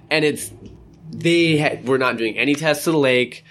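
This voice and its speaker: Indoors, a young vlogger chats casually with his viewers, drifting from one thought to the next. His voice is middling in pitch and fairly bright, his pace moderate, and he slips into playful voices whenever he quotes someone.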